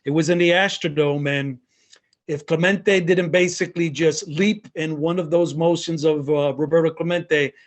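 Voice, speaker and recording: A man hosts a podcast with a somewhat high voice. He tells his stories eagerly and fills his pauses with "uh" and "you know." The talk is casual. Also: fairly even intonation. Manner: eager storyteller, many fillers. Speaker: podcast host. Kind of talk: casual interview.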